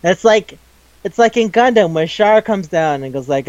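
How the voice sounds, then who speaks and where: A man co-hosting a casual podcast chat, excitable and rambling, swearing freely as he talks. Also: sits high, moderate pace, no echo, highs cut off. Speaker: podcast co-host.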